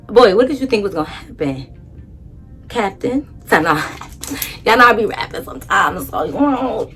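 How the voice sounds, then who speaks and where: Animated woman telling a storytime. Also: mid-range voice, fast. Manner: animated, emphatic, blunt with heavy swearing. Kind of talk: casual storytime.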